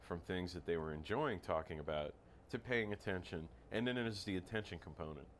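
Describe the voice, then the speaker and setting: A man with a very deep voice talks things through in casual chat. He thinks aloud, halting and repeating words as he searches for the point. A faint hiss runs under him. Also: animated.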